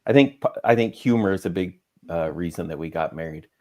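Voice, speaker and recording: A man's voice: deep voice, fairly quick, darkish tone. A man from California with a Minnesotan accent, a podcast guest speaking in a wry, self-deprecating way. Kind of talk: casual chat.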